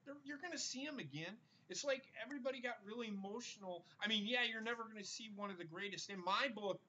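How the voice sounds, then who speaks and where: A man's voice: high-pitched, sharp tone, muffled recording, slight background noise. A man hosting a casual podcast, talking bluntly and rambling with the odd curse word. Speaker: podcast host. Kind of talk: casual wrestling podcast chat.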